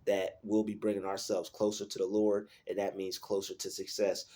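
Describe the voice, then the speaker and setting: Male host, lowish voice, earnest solo motivational talk that repeats points to drive them home. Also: dark tone. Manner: earnest, repetitive, restates lines for emphasis.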